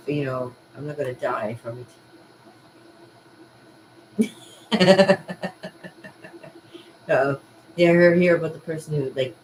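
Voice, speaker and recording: A woman's voice: sits low, darkish tone, a little hiss or hum, rough recording. A middle-aged woman chatting casually to her viewers, rambling and laughing often. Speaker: vlogger and art party host. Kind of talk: casual rambling chat to camera.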